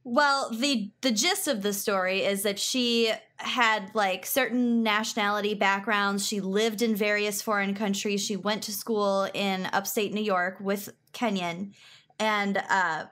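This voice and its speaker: A woman's voice: medium pitch, fairly even intonation, a little slow, a bit bright. A woman guest with a Minnesotan accent, telling anecdotes in a playful, laughing podcast chat. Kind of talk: casual chat.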